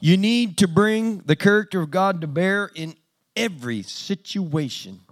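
Man, preacher, conversational sermon, fairly high voice, plain-spoken, dry humor. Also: animated, unhurried.

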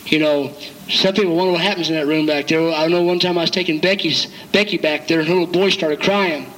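An older pastor with a slightly high, steady, fairly bright voice preaches quickly in a folksy sermon on a rough recording. He cracks jokes, chuckles, and acts out quotes from members of his congregation.

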